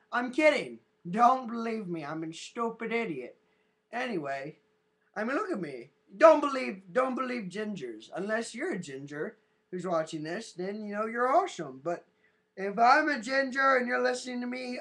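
A man's voice: extremely high pitch, fairly bright tone. A man rambling in a goofy, casual way into his webcam, with silly sound effects. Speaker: webcam vlogger. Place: at home in front of a webcam. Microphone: built-in webcam mic.

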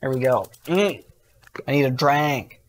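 A young adult streamer with medium pitch and lively intonation plays a horror game at an unhurried pace. He chats casually with his viewers, wanders off on rambling asides, and jumps into swearing outbursts when startled.

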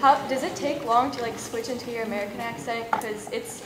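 A woman in the audience asking a question, quiet and hesitant. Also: fairly high pitch, steady tone, brisk. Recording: roomy hall from far off, noisy.

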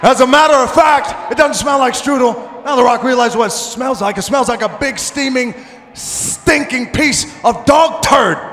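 Cocky man shouting taunts in an arena. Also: very high-pitched, fairly even intonation, fairly quick, few pauses, noisy background. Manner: cocky, mocking, talks about himself in the third person. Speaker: professional wrestler. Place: large indoor wrestling arena. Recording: arena echo with crowd.

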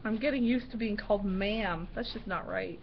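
A woman's voice: medium pitch, moderate pace, creaky. A middle-aged woman hosting a casual craft livestream, giggling often as she tells a story while she works. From Canada. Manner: giggly, animated storyteller who laughs often. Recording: dull lo-fi stream audio with faint noise.

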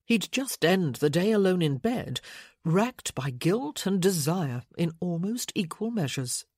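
A woman narrating an audiobook with expressive, scripted delivery. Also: measured pace, husky, no echo, studio quality. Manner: expressive, varies pitch for characters.

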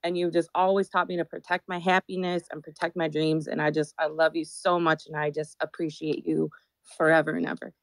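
A woman's voice: deep voice, level tone, fairly quick, dry recording, poor audio. A woman fan earnestly telling her idol how much she means to her, in an online audio room. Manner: earnest and gushing. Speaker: fan calling in. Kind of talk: casual online audio chat.

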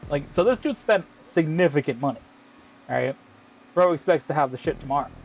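A man's voice: fairly high pitch, animated, fairly quick, darkish tone, slight background noise. A man hosting a gaming video, telling a long story in casual, profane chat full of slang fillers. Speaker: gaming channel host. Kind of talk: casual chat while racing in a game.

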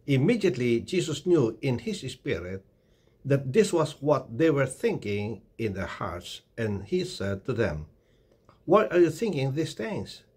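Husky man preaching with lively pitch. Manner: earnest, exhorting, repeats "friends". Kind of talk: short devotional sermon.

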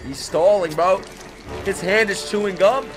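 A young man giving a live reaction to an anime, excitable and profane, with bursts of laughter. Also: high-pitched, measured pace. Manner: excitable, swearing, laughing outbursts. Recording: show audio and music behind. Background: anime soundtrack music.

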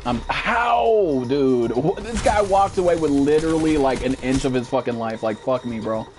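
Excitable, foul-mouthed young man streaming a shooter. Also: moderate pace, over music. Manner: profane, excitable, swings into high-pitched outbursts. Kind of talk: live gameplay commentary.

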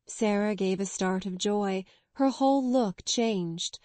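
A woman narrating an audiobook in a measured, expressive way. Her voice is mellow and dark-toned, recorded close and dry with no room sound. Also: medium pitch, dry recording. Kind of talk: scripted narration.

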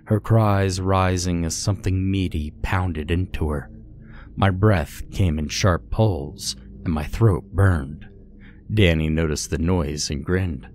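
A man narrates a scripted horror story in a measured, grave manner. His voice is very deep and his pace is slow and deliberate. Faint noise sits under the voice. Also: darkish tone.

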